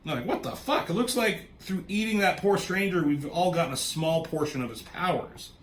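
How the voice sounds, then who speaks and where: A man casually recapping a comic book, swearing freely and popping into quick voices for the characters. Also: on the high side, a little hiss or hum. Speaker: comic reviewer.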